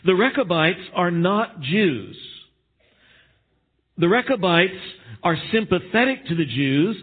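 A man's voice: high-pitched, slightly rough. A man preaching a sermon, reading scripture aloud and explaining it with emphasis. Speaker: pastor. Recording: tinny phone-like sermon recording.

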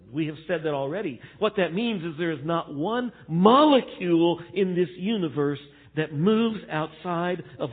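A male pastor preaching a sermon, swinging from hushed, slow emphasis to loud, playful acting out. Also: high-pitched, slightly rough. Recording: tinny phone-like sound.

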